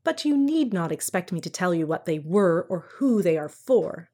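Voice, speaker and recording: A woman reading a storybook aloud in a clear, measured storytelling manner. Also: lowish voice, big pitch swings, mellow. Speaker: audiobook narrator.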